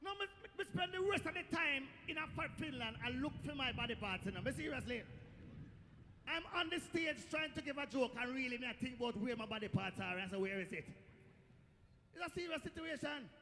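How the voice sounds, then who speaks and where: A middle-aged man with a Jamaican accent doing a stand-up comedy set on a festival stage, telling stories in a lively way with loud bursts to the crowd. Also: extremely high pitch, fast talker. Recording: echoey outdoor stage, faint noise.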